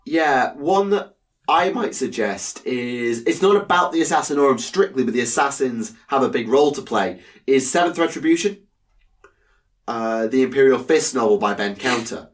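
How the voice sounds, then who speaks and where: A man co-hosting a casual hobby podcast, chatty and quick to laugh, with many fillers. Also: medium pitch, lively intonation, far from the mic. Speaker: podcast co-host.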